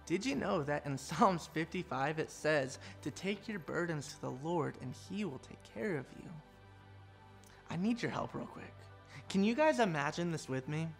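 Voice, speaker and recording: A children's pastor gives an online kids' church sermon, telling the story with animation and speaking directly to the children. Her voice sits low and moves at a normal speed, with faint music behind her.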